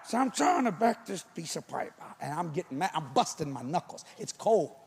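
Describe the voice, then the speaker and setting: A man preacher telling a comic story in an animated way, often shouting punchlines. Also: a little high, moderate pace, creaky, breathy edge.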